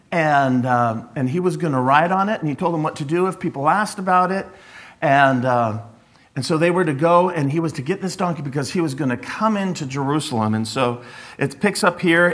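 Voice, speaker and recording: A middle-aged man preaching in a conversational, animated way, often restarting his phrases as he tells stories. His voice sits a touch higher than most men's. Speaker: pastor. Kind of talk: sermon.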